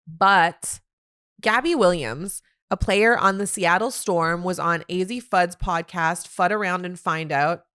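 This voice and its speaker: A woman hosting a solo sports podcast, talking in an animated, opinionated way with quick asides. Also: lowish voice, clean tone. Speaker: podcast host.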